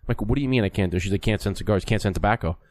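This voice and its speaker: A man's voice: fairly low pitch, very fast, a little mellow. A man co-hosting a podcast, talking in a blunt, casual way with the odd curse. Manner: blunt, profane storyteller. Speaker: podcast co-host. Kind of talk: casual chat.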